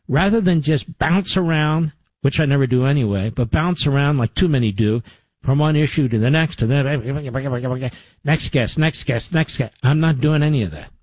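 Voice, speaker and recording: Combative talk radio host, dark husky voice. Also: male voice, fairly high pitch, dry recording. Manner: combative, conversational, with sarcastic asides. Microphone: studio microphone.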